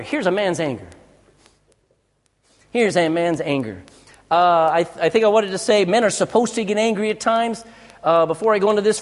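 Animated high-voiced preacher, big hall. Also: male voice. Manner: emphatic, rhetorical questions. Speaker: pastor. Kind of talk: sermon. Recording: long hall reverb.

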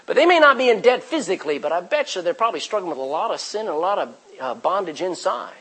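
A man preaching a sermon as pastor, emphatic, swinging from loud declarations to hushed, quiet passages. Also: high-pitched, big pitch swings, quick pace, husky, rough recording.

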